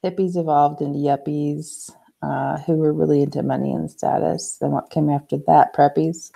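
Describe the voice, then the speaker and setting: A woman's voice: low-pitched, fairly even intonation, normal speed, creaky, dark tone. A woman hosting a casual livestream, chatting with viewers, reading comments aloud and laughing easily. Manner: chatty, laughs often, reads chat aloud. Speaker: livestream host. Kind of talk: casual live-stream chat. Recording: glitchy livestream audio.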